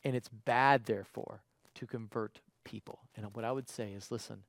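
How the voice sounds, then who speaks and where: A man preaching a livestreamed sermon, conversational and emphatic, moving between loud exclamations and quiet pleading. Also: fairly low pitch, steady tone, normal speed, vocal fry.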